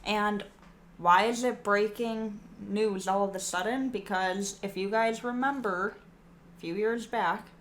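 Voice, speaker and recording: A woman's voice: mid-range voice, unhurried, fairly bright tone, slight background noise. A woman co-hosting a podcast in casual chat, talking in a loose way with many fillers. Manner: chatty, uses fillers like um and like. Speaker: podcast co-host.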